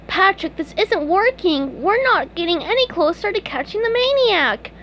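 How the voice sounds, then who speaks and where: A woman reading aloud and voicing a cheerful, eager sea sponge boy in an excited, self-important way. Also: extremely high pitch, normal speed, dull audio, a little hiss or hum, voice pushed up.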